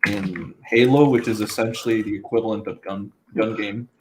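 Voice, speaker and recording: A man with a mid-pitched voice chatting on a group podcast while he plays a shooter. His talk is distracted and mumbly, and a faint noise sits in the background. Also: fairly even intonation, normal speed. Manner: distracted, mumbly, playing a video game while he talks. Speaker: podcast co-host. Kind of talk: casual group podcast banter.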